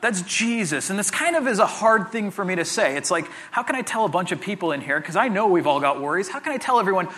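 High, bright-voiced man preaching casually. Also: big pitch swings, fast, hardly any pauses. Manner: chatty, repeats words, jokey asides. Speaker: pastor. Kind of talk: conversational sermon.

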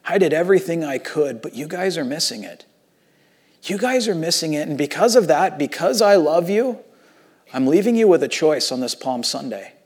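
A man preaching takes on the voice of Jesus as a gentle, sorrowful man speaking in a hushed, pleading way. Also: fairly high pitch, animated, normal speed, breathy edge.

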